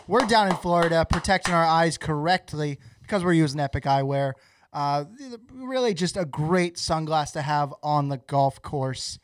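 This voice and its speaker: Relaxed man reading podcast ads. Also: fairly high pitch, moderate pace, clear, resonant tone, no echo. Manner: relaxed, hesitant with fillers. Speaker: podcast host. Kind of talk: casual podcast ad read.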